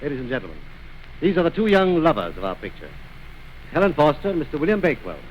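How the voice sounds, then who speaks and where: A courtly man presents a film's cast in formal stage speech, his pitch rising and falling with lively movement. His voice sits a little high. Faint hiss lies under the old recording. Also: quick pace, highs cut off. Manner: courtly, politely mock-scolding. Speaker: trailer presenter.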